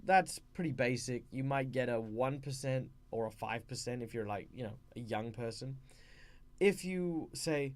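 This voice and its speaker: An Australian man explains tabletop role-play tips in a loose, conversational way. His pitch sits in the middle range, and he often stops to restart his sentences. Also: normal speed. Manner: rambling, with frequent fillers and restarts. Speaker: channel host.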